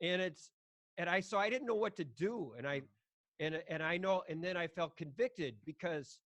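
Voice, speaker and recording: A man co-hosting a podcast, telling an animated anecdote in casual chat, acting out the quotes. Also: high-pitched, moderate pace, no echo, lo-fi sound. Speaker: podcast co-host.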